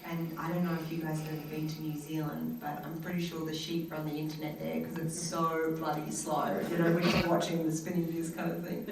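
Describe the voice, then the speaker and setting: Australian actress telling stories in an echoey hall. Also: female voice, low-pitched, brisk, few pauses, far from the mic, background noise. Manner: animated, acts out quoted voices, laughs often. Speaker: actress on a convention panel. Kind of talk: anecdotal storytelling to an audience. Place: convention panel hall.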